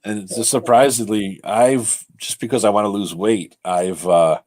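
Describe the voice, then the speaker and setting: A man's voice: lowish voice, fairly even intonation, moderate pace, a little mellow. A man co-hosting a casual livestream chat, easygoing and chatty, dropping "you know" often. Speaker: podcast co-host.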